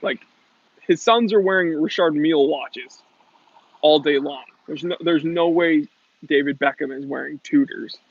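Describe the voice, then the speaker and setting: A man's voice: a little high, measured pace, breathy edge, highs cut off. A man hosting a casual livestream Q&A about watches, playful and chatty, reading out viewer comments. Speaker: watch channel host. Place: Los Angeles.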